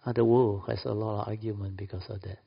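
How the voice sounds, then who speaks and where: A man's voice: on the low side, steady tone, quick pace, creaky, husky. Playful Malaysian man preaching in an echoey hall. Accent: Malaysian English. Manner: playful, laughs often, acts out little quoted dialogues. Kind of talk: sermon to an audience. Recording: echoey hall, dull lo-fi sound.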